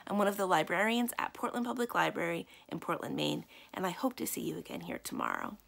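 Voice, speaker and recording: A woman librarian reading a children's novel aloud, gently, lifting her voice for the dialogue. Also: fairly low pitch, very animated, quick pace, vocal fry. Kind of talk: children's book read-aloud.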